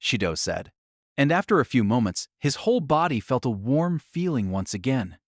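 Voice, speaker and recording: A man narrating a light novel audiobook in an expressive storytelling manner. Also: medium pitch, moderate pace, no echo, clean studio sound.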